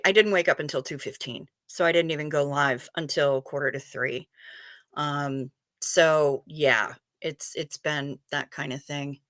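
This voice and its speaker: A woman's voice: lowish voice, sharp tone, no echo, studio quality. A woman hosting a casual livestream, chatting playfully with viewers and reading out their messages as they come in. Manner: chatty, reads chat aloud, playful, swears casually. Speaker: livestream host.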